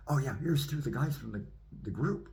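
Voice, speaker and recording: Brief: higher-pitched chatty occult braggart, done by a male storyteller. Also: animated, fairly quick, gravelly, mellow. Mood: boastful.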